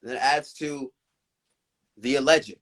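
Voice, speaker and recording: A male host telling a story in a casual live-stream chat, animated and profane, retelling events with a lot of drama. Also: mid-range voice, slow.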